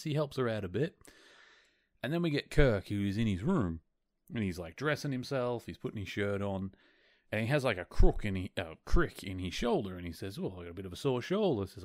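A man's voice: fairly low pitch, a little mellow, dry recording, clean studio sound. A man hosting a podcast, casually retelling a TV episode and slipping into quoted lines from the characters. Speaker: podcast host.

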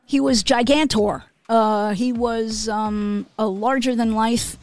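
A woman's voice: a little high, fairly even intonation, slow pace. A woman co-hosting a podcast, telling casual stories, swearing freely and laughing between lines. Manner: swears freely, laughs, lots of "okay?" and "you know". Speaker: podcast co-host. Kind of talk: casual storytelling.

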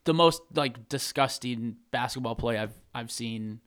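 A young man co-hosting a casual sports podcast, talking in an animated, rambling way with jokes and swearing. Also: mid-range voice, unhurried, clean tone. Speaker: podcast co-host.

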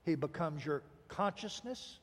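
Male pastor, high voice, storytelling sermon, dramatic pauses, reverberant hall sound. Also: animated.

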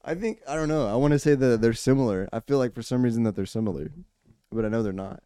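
A man's voice: mid-range voice, fast talker, warm tone, clear, resonant tone, no echo, studio quality. A young man co-hosting a podcast, cracking jokes and swearing casually. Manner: joking, swears often, throws in wisecracks. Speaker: podcast co-host. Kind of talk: casual chat.

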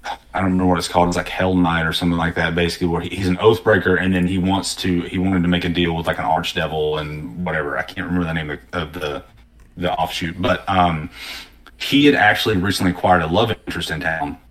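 A man's voice: sits low, fast. A man in casual conversation, animatedly telling stories and acting out what people said. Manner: animated storyteller, acting out quotes. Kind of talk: casual conversation about tabletop games.

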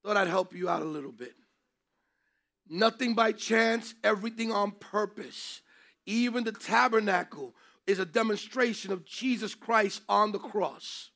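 Male Bible teacher, very high gravelly voice, emphatic preacher delivery. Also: a little slow, bright, forceful tone. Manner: emphatic, preacherly, takes questions from class. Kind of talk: interactive Bible class teaching.

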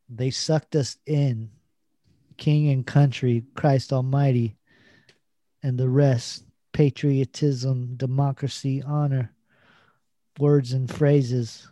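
A man's voice: medium pitch, fairly even intonation, slow pace, long pauses, warm tone, no echo. A man co-hosting a casual podcast, reading out quotes and laughing often. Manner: reads lyric quotes aloud, laughs often. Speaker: podcast co-host running a quiz game. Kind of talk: casual chat.

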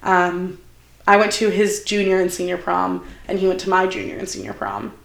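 A chatty young woman appears as a podcast guest, her lowish, creaky voice moving at a moderate pace. She's animated and full of fillers and quoted asides as she tells stories casually, and the recording carries a roomy echo.

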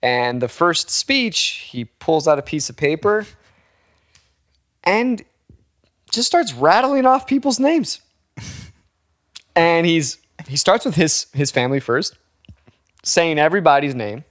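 A young man co-hosting a casual podcast, telling an animated story with laughs and casual swearing. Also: fairly high pitch, takes it slowly, long pauses. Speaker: podcast co-host.

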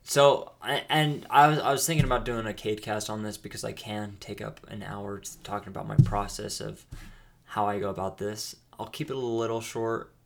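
A man's voice: on the low side, steady tone, fairly quick, gravelly, a bit bright, a little hiss or hum. A young man hosting a podcast, chatting casually and rambling with frequent restarts. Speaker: podcast host. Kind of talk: casual chat.

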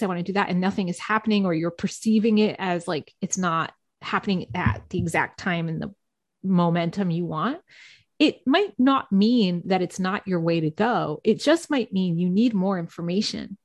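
A woman's voice: mid-range voice, a little mellow, no echo. A woman guest speaking casually and earnestly, giving life advice with lots of "like" fillers. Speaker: guest, spiritual practitioner. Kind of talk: casual conversation.

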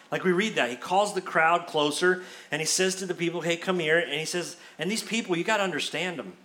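A man gives a sermon in a bright, ringing voice that sits a little high. He preaches conversationally, slipping into casual asides as he explains scripture to his congregation. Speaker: pastor.

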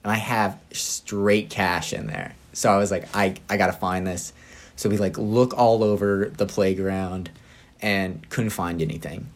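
A man's voice: deep voice, fairly even intonation, a little slow. A young man co-hosting a podcast, telling a story in a rambling, laughing way with many fillers. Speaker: podcast co-host. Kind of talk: casual chat.

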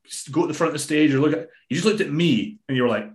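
This Scottish man coaches bodybuilders and is chatting on a podcast, his fairly high voice racing along very fast in a roomy-sounding space. He swears freely and rambles through relaxed stories full of fillers.

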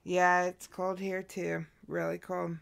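A woman's voice: lowish voice, little pitch movement, takes it slowly, creaky. A woman co-hosting a morning show, chatting in a friendly, casual way. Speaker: radio show co-host.

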